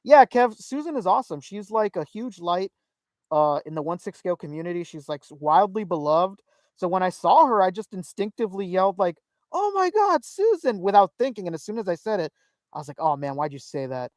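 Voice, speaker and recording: A man co-hosting a podcast, chatting casually and telling stories with loud exclaimed quotes and laughter. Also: sits high, fairly quick, no echo. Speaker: podcast co-host. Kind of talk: casual chat.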